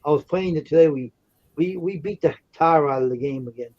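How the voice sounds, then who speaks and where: Chatty higher-voiced male guest, dull lo-fi sound. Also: a little fast. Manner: chatty, greets people by name. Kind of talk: casual chat.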